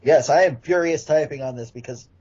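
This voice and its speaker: Blunt male co-host, mellow husky tone, muffled lo-fi recording. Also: a little high, brisk. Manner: blunt, swears casually. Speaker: podcast co-host. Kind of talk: casual chat. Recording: dull lo-fi podcast audio.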